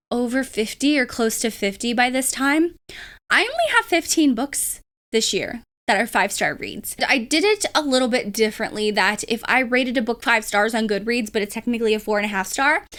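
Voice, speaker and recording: A woman's voice: fairly high pitch, a bit bright. A young woman hosting her own book channel, chatting casually about favorite reads with lots of likes and ums. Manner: chatty, gushing, filler-heavy with likes and ums. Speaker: booktube host. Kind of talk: casual book review chat.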